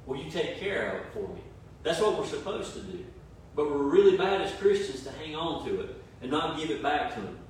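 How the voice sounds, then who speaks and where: A male pastor preaches in a very echoey room, his slightly high voice carrying from a distance off the mic. He presses his points with repetition and questions, over faint room noise. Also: big pitch swings, brisk. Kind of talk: sermon. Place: church service streamed online.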